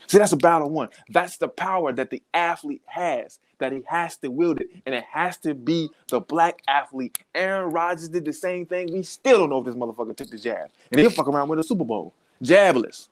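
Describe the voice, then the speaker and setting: A man's voice: on the high side, moderate pace. Male podcast host, fired-up profane comedic rant. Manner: profane, heated, animated.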